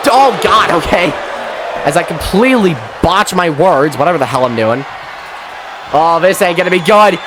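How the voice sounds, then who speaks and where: A young man giving excitable play-by-play commentary on a wrestling match, with mild swearing and quick self-corrections. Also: high-pitched, background noise. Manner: excitable, swears mildly, laughs at own slips. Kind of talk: solo play-by-play commentary of a video game match.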